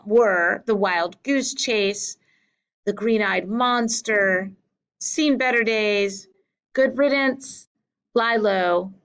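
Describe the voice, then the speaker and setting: A woman teacher giving a slow, deliberate lesson over slides, correcting herself now and then. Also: medium pitch, a bit bright, clear, resonant tone, low-quality recording. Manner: slow, deliberate explaining with small self-corrections.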